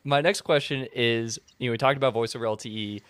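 A man's voice: medium pitch, quick pace, fairly bright tone, no echo. A man hosting a podcast, asking questions in an upbeat, casual way. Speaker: podcast host.

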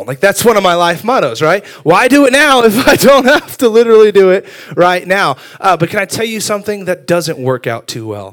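A young man preaching a sermon, telling funny stories about himself with lively energy. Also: on the high side. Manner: animated storytelling with self-deprecating humor. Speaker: youth pastor.

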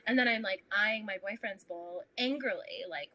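A woman's voice: mid-range voice, fairly quick, hardly any pauses, a little hiss or hum, low-quality recording. A young woman guest on a podcast, chatting casually and acting out her inner voices with frequent laughs. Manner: animated, acts out inner voices, laughs often. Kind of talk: casual interview chat.

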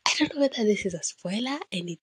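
A young woman, chatting casually and excitedly about books she loved, slipping Swahili slang into her English and recording on her phone. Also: mid-range voice, quick pace, breathy edge, no room sound. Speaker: podcast host.

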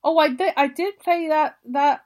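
A woman with a high voice chats on a gaming podcast. She tells her stories in a lively, animated way. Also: moderate pace. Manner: chatty, animated storytelling. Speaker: podcast co-host. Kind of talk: casual chat.

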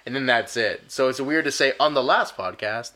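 A man's voice: mid-range voice, lively intonation, normal speed, sharp tone. A man hosting a podcast in casual chat, musing through tangents and chuckling along. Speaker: podcast host.

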